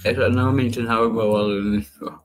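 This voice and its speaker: A man's voice: mid-range voice, steady tone, fast talker. A man hosting a casual livestream panel, laughing often and joking crudely with his guests. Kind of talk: casual chat.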